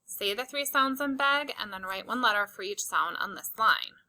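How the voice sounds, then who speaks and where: A woman teaching a slow, patient phonics lesson to young children, stretching out and repeating each word for emphasis. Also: mid-range voice, animated, sharp tone, low-quality recording. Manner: drawn-out, emphatic word repetitions.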